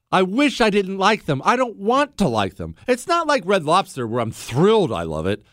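A man's voice: high-pitched, big pitch swings, a little fast, hardly any pauses, no echo. A man hosting a talk radio show, speaking in a sarcastic, joking monologue and bantering with his producer at a studio microphone.

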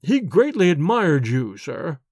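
A polite, formal manservant of an old house, read by a man, each reply careful and deferential. The delivery moves lively up and down, and the close, dry sound has no room in it. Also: on the high side, measured pace, no room sound, full character voice. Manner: courteous, formal, says sir often. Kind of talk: audiobook character voice.

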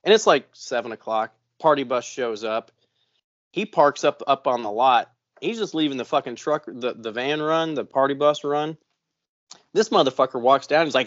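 A man's voice: medium pitch, normal speed, a bit bright, dry recording. Profane rambling man telling a story. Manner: profane, rambling storyteller who acts out other people's voices. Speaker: podcast co-host. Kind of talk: casual storytelling chat. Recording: dry, slightly dull podcast audio.

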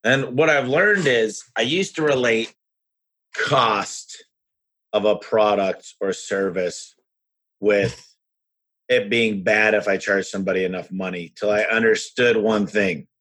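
A man hosting a podcast and telling business stories in an energetic, frank, rambling way. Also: fairly low pitch, a little slow. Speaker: podcast host and business owner. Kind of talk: casual conversational storytelling.

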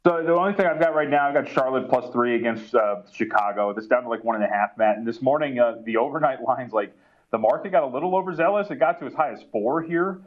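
A man talks through sports betting picks at a brisk pace, with plenty of fillers along the way. His audio sounds dull and lo-fi. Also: mid-range voice, lively intonation. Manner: rapid, filler-heavy analysis. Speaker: NBA analyst.

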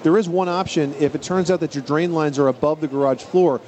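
A middle-aged man hosting a radio call-in advice show, explaining home repairs in a brisk, knowledgeable way. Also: on the high side, a little mellow.

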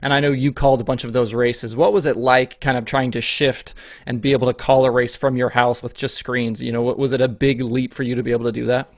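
Quick, chatty interviewer man. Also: medium pitch, little pitch movement, no echo, clean studio sound. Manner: chatty, upbeat questions with "like" fillers. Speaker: podcast host, interviewer. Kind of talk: casual interview.

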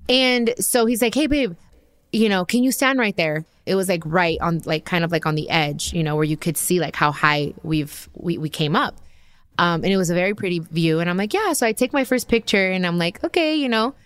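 A woman in her thirties with a somewhat low voice tells a personal story in a chatty, animated way, leaning on fillers and acting out quoted lines. The sound is dry and close, with no room around it. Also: a little fast, smooth, dry recording. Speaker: podcast host. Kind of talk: casual storytelling.

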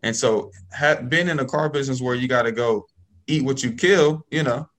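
A man guest telling a story about starting in real estate in a casual, animated way, often checking in with "okay?" and "right?". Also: medium pitch, normal speed.

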